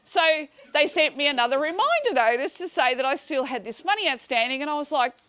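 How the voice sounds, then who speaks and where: A woman in her sixties telling a group about her dispute, blunt and animated, swearing freely and acting out conversations. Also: sits high, a little fast, no room sound. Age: 60s. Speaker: speaker at a community meeting. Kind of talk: casual storytelling to a live group.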